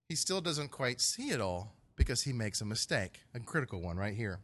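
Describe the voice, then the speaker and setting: Male pastor, animated sermon, lively pitch swings, playful voices for quotes. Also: normal speed, few pauses.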